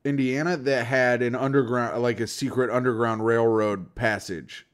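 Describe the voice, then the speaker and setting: A man's voice: medium pitch, fairly even intonation, normal speed. A young man co-hosting a podcast in casual chat, rambling and teasing, with profanity. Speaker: podcast co-host.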